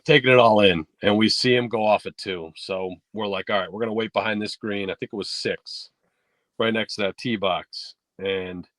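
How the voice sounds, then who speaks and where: A man from New tells golf stories in a loose, easygoing way, stopping and restarting often. His voice sits fairly low and sounds dry and close, with no room echo. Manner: relaxed storytelling with fillers and restarts. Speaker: podcast guest, golf instructor. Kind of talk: casual interview chat. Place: podcast studio.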